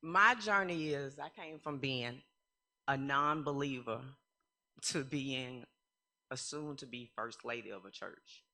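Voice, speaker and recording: A woman in her thirties giving a personal testimony at church, candid and humorous, moving from quiet reflection to loud, animated stretches. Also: a bass voice, slow.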